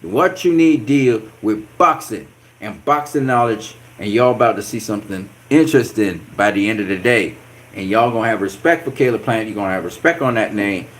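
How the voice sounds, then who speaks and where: A man hosting a casual boxing commentary vlog, talking in an animated, profane way with repeated catchphrases. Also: on the low side, normal speed. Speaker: boxing channel host.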